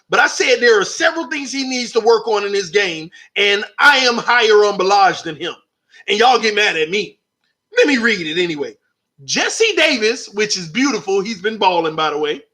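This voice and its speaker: A man hosting a live sports stream, talking animatedly and arguing with chat comments. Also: extremely high pitch. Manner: animated, talks back to chat readers. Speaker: sports channel host.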